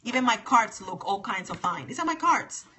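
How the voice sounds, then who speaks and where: Chatting live with her viewers over her phone, a woman speaks in a high-leaning, sing-song voice at a moderate pace, bright and forceful in tone. She's emphatic and sassy and repeats her points, with a little hiss or hum in the audio.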